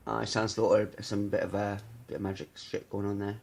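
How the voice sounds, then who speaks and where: A man's voice: lowish voice, level tone, brisk, creaky, darkish tone, slightly rough. A man ranting to camera in a rambling, profane, sneering way. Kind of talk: casual rant to camera.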